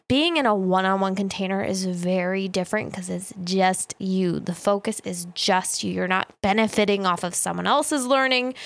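A woman's voice: medium pitch, dry recording. A woman hosting her own podcast as a life coach, talking in a chatty, emphatic and reflective way, repeating words for stress. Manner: reflective and self-deprecating. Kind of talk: casual solo podcast monologue.

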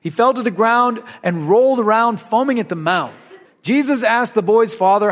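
High-pitched and moderately paced, this male preacher reads scripture and retells it animatedly, keeping his sermon conversational.

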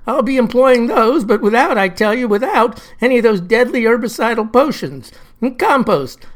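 A woman's voice: fairly high pitch, natural voice. A woman voicing a stubborn, folksy male farmer with old-fashioned country phrasing.

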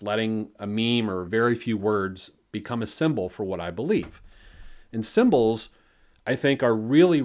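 A man with a lowish, darkish voice hosts a solo podcast, rambling along, swearing freely and mocking himself.

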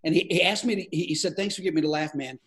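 High-voiced, playful older comedian man. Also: racing. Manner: playful, animated storyteller with frequent laughs. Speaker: comedian guest. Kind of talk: storytelling in a podcast interview.

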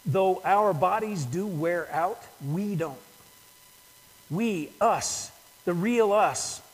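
Older male pastor, earnest sermon delivery, slightly high voice, long church reverb. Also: very slow. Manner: earnest, repeats words while building a point.

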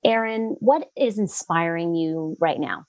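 A woman's voice: on the low side, unhurried, dry recording, low-quality recording. A woman interviewer asking her guests questions in a friendly, curious way.

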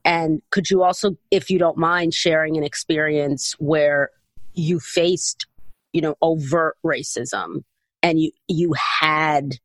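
A woman's voice: low voice, steady tone, slow pace, no echo. A woman interviewer who is also an actress, asking long, searching questions and reacting strongly. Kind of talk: conversational interview.

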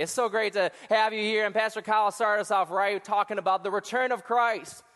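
A man with a high voice preaches in a lively, joking way, teasing the congregation and asking them to talk back. He is an associate pastor speaking to hundreds of people in a church auditorium. The sound carries a long hall echo. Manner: joking, talks back to the crowd. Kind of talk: sermon.

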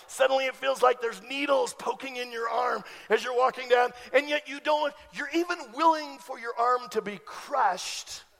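A pastor delivers an animated sermon in a notably high voice. He drives his points home with emphatic, rising bursts. The recording carries the long reverb of a large church sanctuary. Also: gravelly.

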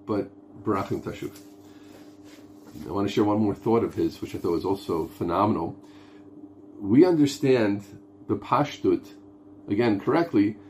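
A man's voice: fairly low pitch, darkish tone, a little hiss or hum. A man teaching an informal lesson on prayer as a rabbi, earnest, his English full of Hebrew and Yiddish terms. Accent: Hebrew and Yiddish words in English speech. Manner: earnest, mixes Hebrew and Yiddish terms, acts out pleading voices.

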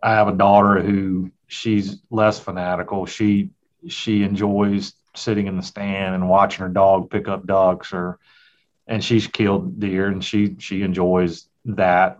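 A man's voice: sits low, flat delivery, measured pace. A middle-aged man, a hunter and father, telling a folksy, reflective story in a casual conversation. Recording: dull, lo-fi sound.

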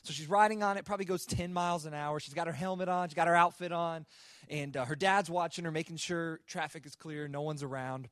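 A young man giving a sermon to a student worship gathering, telling a personal story in a relaxed, conversational way with self-mocking humor and plenty of fillers. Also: fairly high pitch, brisk, no room sound, clean studio sound. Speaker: speaker at a student worship service. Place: live worship service.

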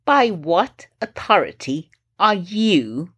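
A woman's voice: lowish voice, sing-song, slow pace, fairly bright tone, breathy edge, voice pushed up, exaggerated voice. A woman reading as indignant chief priests, demanding. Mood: challenging.

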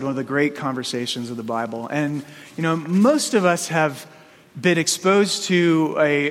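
A man's voice: a little high, fairly bright tone. A male pastor preaching a sermon and reading a story aloud, speaking in an earnest, storytelling manner. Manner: slow, earnest storytelling with small restarts. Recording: long reverb in a large hall.

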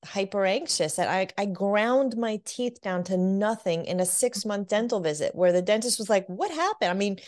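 A woman working as a divorce coach, speaking candidly in an interview and telling her story with lively acted quotes. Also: mid-range voice, normal speed, few pauses. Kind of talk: interview conversation.

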